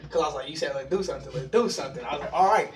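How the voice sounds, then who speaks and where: A man's voice: on the high side, rapid-fire, faint music behind. A young man in his teens telling stories casually in slangy talk, often laughing. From Denver area, USA. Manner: slangy, laughing, animated storytelling. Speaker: panel guest. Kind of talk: casual storytelling. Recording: roomy sound from far off the mic.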